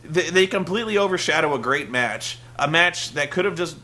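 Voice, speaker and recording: A man with a high, bright, sharp-edged voice delivers a rambling rant as a show host. He sounds exasperated and sarcastic, swears freely and keeps restarting his sentences. The talk is loose and full of filler words. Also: expressive, fairly quick. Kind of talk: ranting monologue review.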